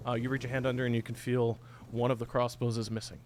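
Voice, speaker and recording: A man running a tabletop game as game master, narrating in an animated, casual, swearing way. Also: mid-range voice, fast talker, slight background noise.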